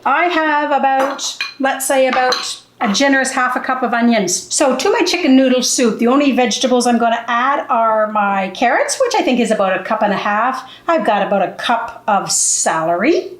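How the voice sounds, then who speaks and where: A woman's voice: on the high side, expressive, moderate pace. A middle-aged woman hosting a casual home cooking demonstration, chatty and folksy, with blunt asides to the viewer. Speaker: cooking show host. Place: home kitchen. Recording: echoey kitchen with faint background noise.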